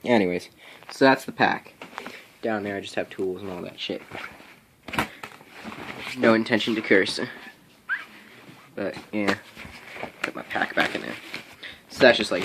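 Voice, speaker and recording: A man chats loosely through a show-and-tell of his gear in a slightly low voice. He rambles, stops often for "um" and "anyways", and keeps it easygoing. A faint hiss sits under the recording. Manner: rambling, many ums and anyways. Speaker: paintball vlogger.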